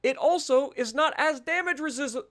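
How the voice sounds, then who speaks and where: A man with a fairly high voice hosts his own gaming channel. He talks through his rankings in a loose, chatty way, with plenty of fillers and restarts. He pokes fun at himself as he goes. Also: moderate pace, a bit bright. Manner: chatty, self-deprecating, many fillers and restarts. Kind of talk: casual gameplay commentary.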